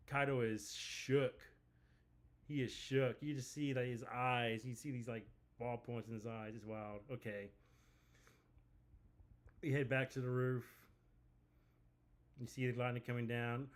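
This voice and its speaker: A man gives casual reaction commentary in an easygoing, rambling way. He talks slowly, leaning on fillers as he goes. His voice sits at an ordinary middle pitch. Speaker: reaction video host.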